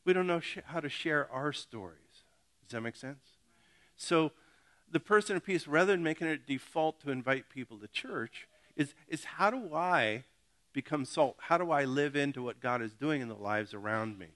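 A middle-aged man preaches in a loose, conversational way, cracking jokes and checking in with his congregation. His voice sits a little high and sounds bright and forward. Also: moderate pace. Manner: joking, animated, talks to the congregation directly. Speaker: pastor. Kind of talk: casual conversational sermon.

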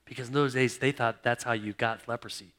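A middle-aged male pastor preaching a sermon, telling stories dramatically, jumping from loud exclamations to hushed, almost whispered lines. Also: medium pitch, steady tone, brisk.

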